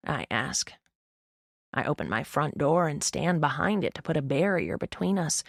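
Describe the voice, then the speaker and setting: A young woman narrating an audiobook in the first person, with wry, deadpan asides, close to the mic. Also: low voice, normal speed, vocal fry, dry recording.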